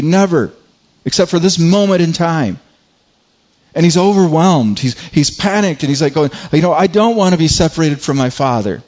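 A man preaching a sermon as a pastor, often repeating his words and climbing higher in pitch when he presses a point. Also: a little mellow, highs cut off.

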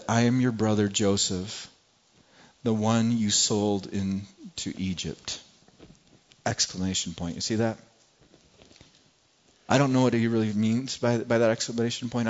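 A man's voice: fairly low pitch, lo-fi sound. A man preaching a sermon in an earnest, emphatic way, often restarting his phrases. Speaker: pastor.

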